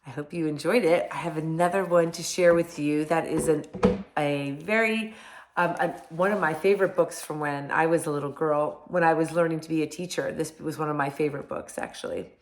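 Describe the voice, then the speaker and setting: A woman teacher reading picture books aloud to young children, animated and gentle, often asking them questions. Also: low voice, brisk, slight background noise. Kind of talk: children's storybook read-aloud. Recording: echoey room.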